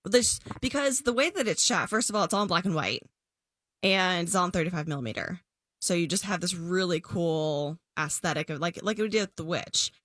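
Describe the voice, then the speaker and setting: A woman co-hosting a podcast, casually describing a film she reviewed, animated and quick to laugh. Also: fairly low pitch, no room sound, clean studio sound. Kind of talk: casual chat.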